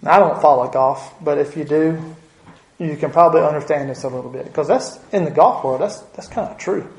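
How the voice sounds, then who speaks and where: A man's voice: fairly high pitch, a little fast. A man preaching a sermon in a church, talking earnestly with folksy asides and repeated phrases for emphasis. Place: church sanctuary. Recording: roomy church reverb.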